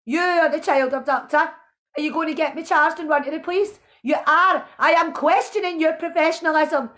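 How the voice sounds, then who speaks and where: A woman's voice: sits high, moderate pace, fairly bright tone. A mother ranting with passion, angry and accusing, and at times pleading and emotional. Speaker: protesting mother. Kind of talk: impassioned video rant.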